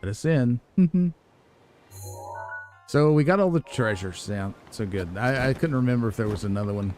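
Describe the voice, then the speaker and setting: Male let's-play host, mellow low voice, animated pitch, soft game music behind. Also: brisk. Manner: relaxed, musing, chuckles at himself. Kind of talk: casual gameplay commentary.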